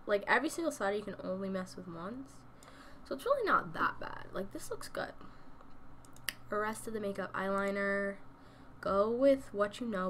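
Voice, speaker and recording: A woman's voice: medium pitch, fairly bright tone, a little hiss or hum. A young woman giving casual gameplay commentary from home, chatty and thinking aloud, often dropping to a murmur. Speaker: gaming YouTuber.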